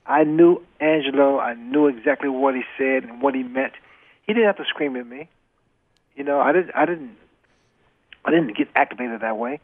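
A man's voice: medium pitch, normal speed. A retired boxer, a man, telling stories as a guest in an earnest way and repeating phrases for emphasis. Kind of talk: interview storytelling. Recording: dry tinny phone line.

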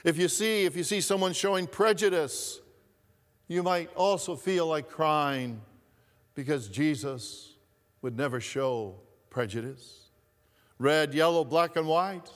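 A male pastor delivers a sermon at an unhurried, measured pace, leaning on repetition to drive points home. His voice sits a little high for a man, and it rings out with the long reverb of a church sanctuary. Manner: slow, deliberate preaching with repeated phrases.

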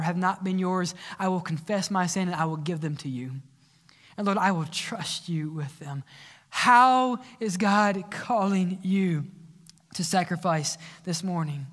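Impassioned older preacher in echoing church. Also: male voice, high voice. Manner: impassioned, swinging from loud appeals to hushed pleas. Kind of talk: sermon. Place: church sanctuary. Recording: long church hall reverb.

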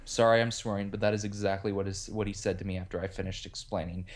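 A man's voice: low-pitched, flat delivery, fast talker. A man chatting casually about a movie, blunt and emphatic, with occasional swearing. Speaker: film discussion co-host. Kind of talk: casual chat.

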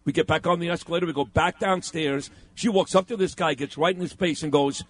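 A fairly high-pitched man hosts talk radio, retelling a run-in with great indignation. He acts out every exchange with emphatic punches. The recording is dry and close. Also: fairly even intonation, fast talker, few pauses, no echo. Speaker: radio talk show co-host. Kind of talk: animated storytelling on talk radio.

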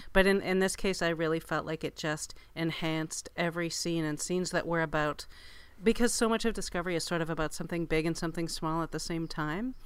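A woman's voice: deep voice, fairly even intonation, fairly quick, clear, resonant tone, no echo. A woman guest on a casual podcast chat, enthusiastic and talking in long runs.

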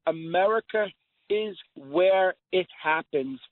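A man's voice: high voice, slow pace, dry recording. Fired-up middle-aged man calling in by phone. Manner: emphatic, repetitive ranting. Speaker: caller. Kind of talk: call-in radio opinion. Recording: phone line.

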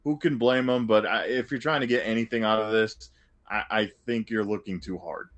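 Hesitant lower-voiced podcast co-host. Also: male voice, moderate pace, a bit bright. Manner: hesitant, repeats words while thinking aloud. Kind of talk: casual sports podcast chat.

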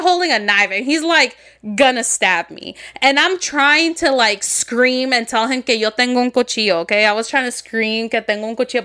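A young woman co-hosting a podcast, telling a story in casual chat, animated, laughing often and slipping Spanish phrases into her English. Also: fairly high pitch. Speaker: podcast co-host.

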